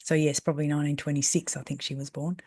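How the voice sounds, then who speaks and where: A woman's voice: sits low, level tone, quick pace, warm tone, no echo. Chatty woman in her fifties. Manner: chatty, rambling, with fillers and self-corrections; acts out voices in quoted speech. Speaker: salon business mentor. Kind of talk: casual storytelling monologue.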